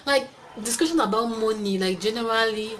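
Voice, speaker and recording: A young woman with a Cameroonian accent talks straight to camera in a loose, upbeat vlog. Her voice sits a little high, and she rambles along with plenty of fillers. A faint background hum runs underneath. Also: a little fast, poor audio. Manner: chatty, upbeat, many fillers. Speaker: channel host. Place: indoors, talking to camera.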